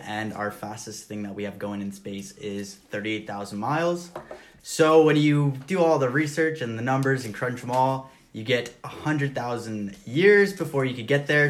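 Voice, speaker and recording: A man's voice: on the low side, a little hiss or hum. A young man co-hosting a casual podcast, telling a story in a wry, easygoing way. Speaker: podcast co-host.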